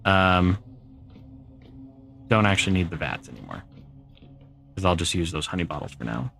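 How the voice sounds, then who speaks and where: Gravelly low-voiced man, laid-back chat. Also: normal speed, soft background music. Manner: relaxed, chatty, reads and answers viewer comments. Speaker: streamer. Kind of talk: casual gameplay chat.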